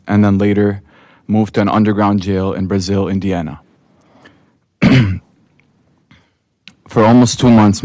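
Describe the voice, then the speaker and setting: A man giving grave, measured public testimony at a county committee hearing. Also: on the low side, a little mellow, dry recording, clean studio sound. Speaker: public commenter.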